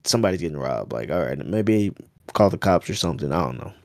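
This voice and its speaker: A man's voice: extremely low pitch, very animated, quick pace, a little mellow. A man in a casual podcast chat, telling stories in laid-back slang and swearing a lot. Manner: laid-back slangy storytelling, heavy profanity.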